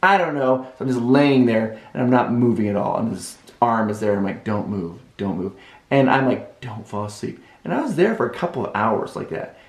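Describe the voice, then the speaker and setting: Man, vlog storyteller, animated retelling, mid pitch, roomy echo. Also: brisk, few pauses. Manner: animated, dramatic inner-voice retelling.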